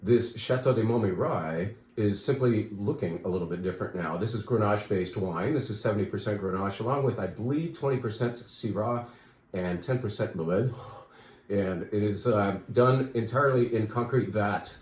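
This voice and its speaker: A chatty, enthusiastic man with a lowish voice talks up new products in a casual, rambling way. His voice rings in a roomy, echoey space. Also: moderate pace, darkish tone. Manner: chatty, enthusiastic, with fillers and asides. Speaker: wine shop host.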